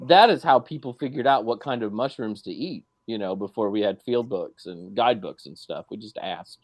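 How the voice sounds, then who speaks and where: A man's voice: on the low side, moderate pace. A man on a video call panel, musing wryly and speculatively about a film in casual discussion. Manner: wry, speculative.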